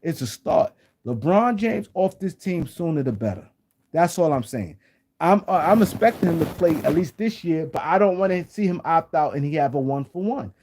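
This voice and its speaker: A man's voice: a little high, lively intonation, moderate pace, a little mellow, slight background noise. A man hosting a casual live-stream sports talk show, rambling and repeating himself as he talks to viewers in the chat.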